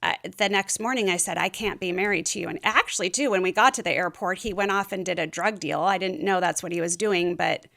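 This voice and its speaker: A woman's voice: lowish voice, a little fast, gravelly, hardly any pauses, a bit bright. A middle-aged woman speaking as a podcast guest, telling her story candidly and rambling a little, with plenty of fillers. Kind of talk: casual interview chat.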